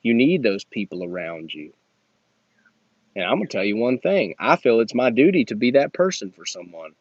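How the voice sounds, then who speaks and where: A man's voice: mid-range voice, big pitch swings, moderate pace, a little mellow, no echo. A man hosting a blunt, emphatic motivational monologue, talking straight at the listener like a coach. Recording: dull lo-fi recording.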